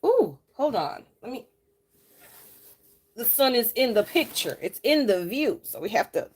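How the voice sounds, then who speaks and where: A woman's voice: a little high, a little hiss or hum. A woman, chatting casually with her live chat as she decorates her planner, teasing viewers and laughing often.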